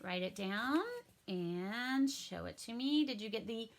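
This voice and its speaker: A young adult woman teaching a recorded first-grade phonics lesson, cheerful and clearly enunciating each sound. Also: on the high side. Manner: cheerful, slow and clearly enunciated, sings and plays at pirate sounds.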